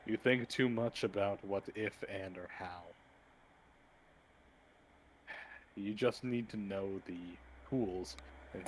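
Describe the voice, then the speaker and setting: A man voicing a harsh, weary older male mentor who mutters low and dismissive. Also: slight background noise, natural voice, poor audio. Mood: scornful.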